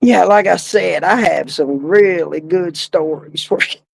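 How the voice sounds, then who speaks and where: Woman, middle-aged, slow drawling storyteller, laughs constantly, casual cussing. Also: fairly low pitch, creaky, breathy edge, dry recording, poor audio. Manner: laughs often while telling a story, swears casually. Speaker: podcast co-host, former funeral director.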